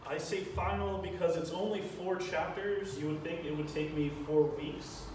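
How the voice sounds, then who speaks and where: A man's voice: on the high side, steady tone, moderate pace, a little mellow. A man, a pastor, retelling a Bible story in a sermon and acting out the prayers he quotes. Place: church sanctuary. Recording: echoey church from a distance, faint hiss.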